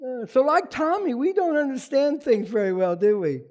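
High-voiced animated male pastor. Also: normal speed. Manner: animated preaching, asks the congregation questions. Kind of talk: sermon.

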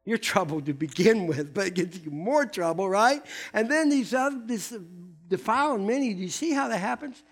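An older man preaching a sermon, emphatic and repeating key words, swinging between loud stresses and hushed asides. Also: high-pitched, animated, moderate pace, few pauses, faint music behind. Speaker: pastor.

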